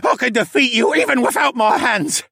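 A man's voice: very high voice, lively intonation, takes it slowly, creaky, sharp tone, no room sound, pitched above the performer's own voice, exaggerated voice. A man voicing a furious, injured young male elf who screeches through the pain. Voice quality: screeching, strained. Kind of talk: audiobook narration.

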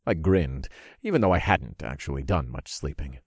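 A man reads a first-person audiobook in a very low, husky voice. His pitch moves in a lively, animated way through the story, and the recording is close and dry. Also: moderate pace, dry recording. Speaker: audiobook narrator.

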